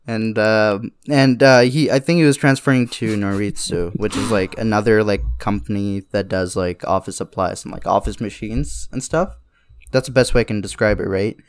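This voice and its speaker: His voice is on the low side and smooth, with fairly even intonation and normal speed. A young podcast co-host who immigrated to Canada at a young age, he chats casually at night, rambles, swears freely, and laughs a lot.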